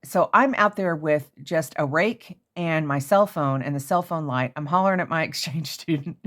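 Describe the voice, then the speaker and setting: A woman from Oklahoma, chatting casually in a crafting vlog and telling an animated, excitable story that jumps to shrieky high notes. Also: normal speed. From Oklahoma, USA. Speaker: crafter showing handmade pieces. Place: home craft room.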